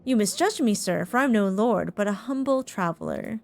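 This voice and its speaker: A woman's voice: fairly high pitch, animated, brisk, darkish tone, close to an everyday voice. A woman reading a young, earnest, formal nobleman. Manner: polite, formal, old-fashioned phrasing.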